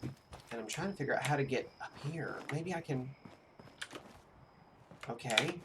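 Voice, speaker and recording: A streamer giving live gameplay commentary in a chatty way, speaking straight to viewers and reacting with animated outbursts. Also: medium pitch, unhurried, background noise. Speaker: game streamer.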